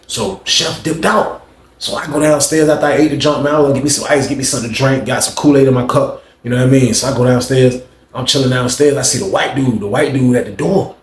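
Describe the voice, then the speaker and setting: A man's voice: mid-range voice, quick pace. A young man casually telling a story in heavy slang, acting out the people in it. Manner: slangy, animated, acts out every voice. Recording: roomy echo.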